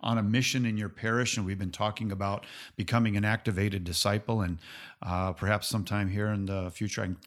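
A man's voice: fairly low pitch, little pitch movement, a little fast. A man hosting an interview show in an easygoing, chatty way. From Minnesota. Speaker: host. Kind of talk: casual interview chat.

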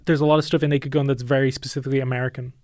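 A man's voice: mid-range voice, flat delivery, rapid-fire, darkish tone, no room sound, clean studio sound. A man co-hosting a podcast, chatting about comedy films and recounting favourite scenes, laughing often. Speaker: podcast co-host. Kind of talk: casual film discussion.

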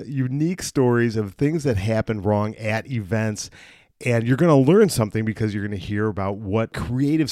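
A man's voice: fairly low pitch, darkish tone, dry recording, clean studio sound. A man hosting a podcast interview, upbeat and enthusiastic. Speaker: podcast host.

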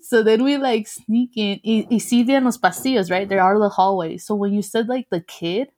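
A woman's voice: medium pitch, moderate pace, a little mellow. Young woman telling a story. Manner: mixes English and Spanish, swears freely, laughs often. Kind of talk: casual chat.

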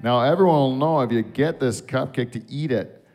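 Guy hosting a late show, mid pitch, joking around, swears a lot. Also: normal speed, darkish tone. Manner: joking, blunt, swears freely. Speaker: late-night show host. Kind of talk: casual on-air banter.

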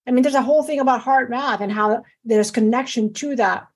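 Middle-aged woman doctor, husky and a touch high, talks fast and emphatically in casual interview chat. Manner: animated, emphatic, many fillers. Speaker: physician guest.

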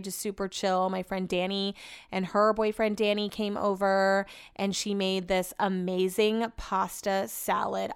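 A woman's voice: mid-range voice, smooth. A woman hosting a casual chat, telling everyday stories in a loose, chatty way full of fillers. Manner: chatty, animated, lots of "like".

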